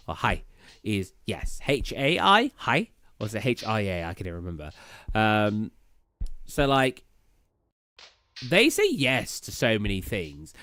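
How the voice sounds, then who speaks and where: Bright and forceful at a medium pitch, with no echo, a young man from Britain talks while live-streaming a game. His chat is casual and rambling, and he frequently trips over his words, especially place names.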